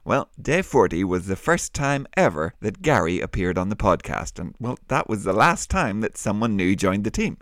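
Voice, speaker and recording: A man hosting a children's Bible podcast, with a warm, teacherly and lively way of talking. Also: fairly low pitch, normal speed, few pauses, dry recording, studio quality. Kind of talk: friendly kids' Bible podcast.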